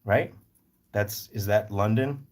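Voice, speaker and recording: A man's voice: fairly low pitch, slow, a little mellow. A man from Northern Virginia hosting a casual live stream about rescue animals, jokey and rambling as he answers viewer comments aloud. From Northern Virginia, US East Coast.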